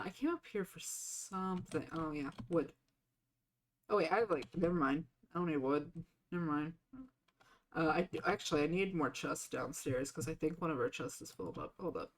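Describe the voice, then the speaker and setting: A woman streaming a game live, chatting casually with a sore throat that lowers her voice, rambling with lots of "like" and restarts. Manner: rambling, full of "like" fillers and restarts.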